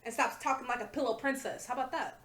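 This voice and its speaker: A woman's voice: high voice, quick pace, fairly bright tone, slightly rough. A woman hosting a reaction video, talking in blunt, profane, exasperated rants. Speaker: reaction channel host. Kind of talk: casual reaction commentary.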